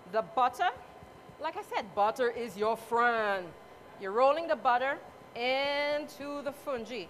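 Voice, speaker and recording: A woman's voice: a little high, slight background noise. A woman doing a live cooking demonstration at a competition, chatting to the audience and judges in a motherly, playful way as she cooks. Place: cooking competition event space.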